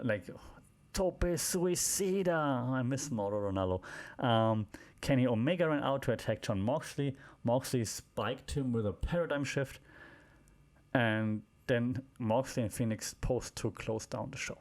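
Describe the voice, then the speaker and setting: A man's voice: medium pitch, unhurried, darkish tone. A man hosting a wrestling podcast, recapping shows in a casual, rambling way with many fillers, restarts and wry asides.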